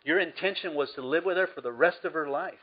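A man's voice: fairly high pitch, fast, dull audio. A man preaching a sermon as pastor, earnest and emphatic, repeating key words for stress.

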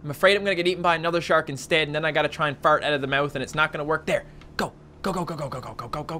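Australian man, let's-play host, bright tone, excitable commentary with sudden yelps. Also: quick pace, slight background noise. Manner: animated, jumps to high yelps when panicking. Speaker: gaming YouTuber.

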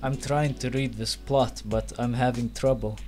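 A man's voice: medium pitch, fairly even intonation, moderate pace, darkish tone. A man giving sarcastic, swearing commentary while playing a game. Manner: sarcastic, swearing, mocking the game's text. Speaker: let's play commentator. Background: faint game music.

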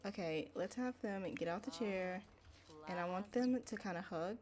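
A woman hosting a Let's Play, chatting excitably to viewers in casual gameplay commentary. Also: mid-range voice, moderate pace.

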